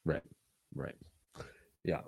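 A man's voice: very slow, dry recording. A man co-hosting a casual sports podcast, bantering playfully and laughing often. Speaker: podcast co-host.

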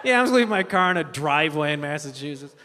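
Male stand-up comic, slightly high voice, animated storyteller, faint noise behind. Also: quick pace, big-room sound. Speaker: stand-up comedian. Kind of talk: stand-up comedy routine.

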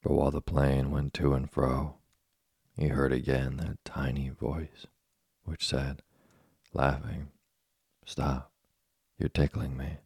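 A man reading a classic children's story aloud as a slow, soft, monotone sleep story. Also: a bass voice, slightly rough, dry recording, clean studio sound. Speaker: narrator. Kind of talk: scripted sleep story narration.

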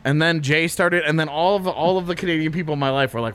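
A man co-hosting a podcast in casual chat, animated and laughing, calling people dude. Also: fairly high pitch, quick pace, smooth. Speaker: podcast co-host.

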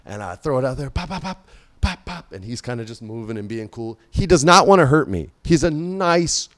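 A man telling a long story in casual talk, animated and swearing freely, jumping loud and high whenever he quotes someone. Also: a little fast, a crowd in the background. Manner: animated, swings loud and high when quoting people. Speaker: podcast guest.

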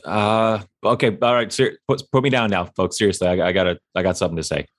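A man's voice: low voice, fast talker, no echo, studio quality. A young man playing a tabletop game, grumbling and joking in character. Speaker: player. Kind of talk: casual in-character game talk.

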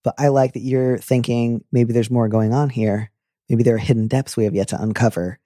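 Guy hosting an advice show, mellow warm voice, jokey and playful, dry close sound. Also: mid-range voice, a little fast, dry recording. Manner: playful, jokey, animated impressions. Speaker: advice podcast host. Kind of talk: casual advice chat.

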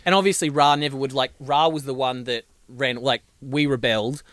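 A man's voice: mid-range voice, steady tone, moderate pace, fairly bright tone, dry recording. A man co-hosting a casual podcast, rambling and joking. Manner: jokey, puts on mock foreign accents. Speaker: podcast co-host. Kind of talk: casual chat about a sci-fi show.

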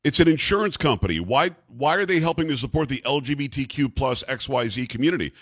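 Animated, incredulous male talk radio host. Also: mid-range voice, quick pace, no room sound. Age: middle-aged or older. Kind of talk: casual talk radio chat.

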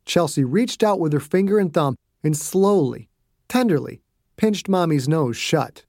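A man who is the author, narrating his audiobook in a hushed, suspenseful way. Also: on the high side, expressive, unhurried, vocal fry, no room sound, clean studio sound.

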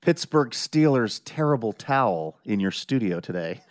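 A man's voice: mid-range voice, animated, moderate pace. Upbeat man hosting a radio show. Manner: upbeat, bantering. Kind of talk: public radio hosting and ad reads.

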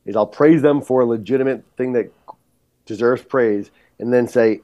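A man's voice: medium pitch, normal speed, muffled recording. Upbeat encouraging coach, man in his fifties. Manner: upbeat, encouraging, easy agreement. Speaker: high school head football coach. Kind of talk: casual podcast interview.

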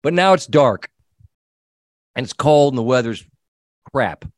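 A middle-aged man hosting a sports talk show, telling an animated story and acting out the people in it. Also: mid-range voice, unhurried, dry recording, studio quality. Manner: animated storyteller, quoting himself and others. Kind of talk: casual storytelling chat.

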